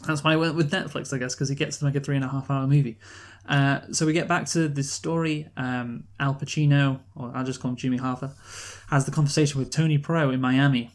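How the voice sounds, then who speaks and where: Rambling English film podcaster. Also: male voice, medium pitch, fairly even intonation, brisk, few pauses. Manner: rambling, swears freely, does comic impressions. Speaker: podcast co-host. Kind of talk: casual film review chat.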